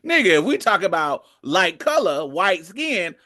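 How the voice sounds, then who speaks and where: A woman's voice: on the low side, big pitch swings, a little slow, pushed and bright, pitched above the performer's own voice, exaggerated voice. A woman voicing a brash immigrant man who boasts about his pale skin, in a cocky, mocking way.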